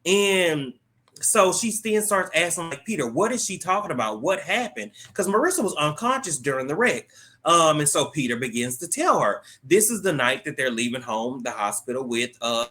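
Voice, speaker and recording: A man hosts a casual TV recap, his lively voice rising and falling a lot. His tone is bright and forward, sitting a little high for a man. He tells the story in slang and cracks jokes along the way. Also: normal speed. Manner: slangy, joking retelling with quoted dialogue. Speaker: host of a TV recap channel.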